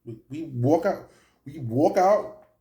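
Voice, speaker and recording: A young man recounts a tale in a lively, streetwise way. His voice sits a little high and swings widely as he talks. Heavy slang, swearing and "right?" asides keep it conversational, and the room gives it a noticeable echo. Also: slow pace. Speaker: storyteller. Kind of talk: casual storytelling to camera. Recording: roomy echo.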